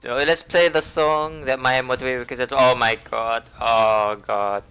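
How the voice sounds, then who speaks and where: A male game streamer with a bright, crisp voice chats casually with his viewers and reads game narration. He talks in a chatty, stumbling, self-amused way. Faint music runs behind him. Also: medium pitch, steady tone, a little slow.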